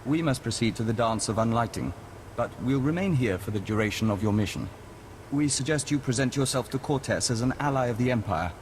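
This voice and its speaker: An actor playing a calm, formal male diplomat bonded to an insect hive, who speaks of himself as "we", in video game dialogue. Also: medium pitch, fairly quick, lightly acted. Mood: measured. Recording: game audio with background noise.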